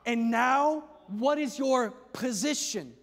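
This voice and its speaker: A male pastor preaching a sermon with impassioned delivery, at times rising to a shout. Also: very high-pitched, expressive, slow pace. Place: large church hall. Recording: long reverb of a large church hall.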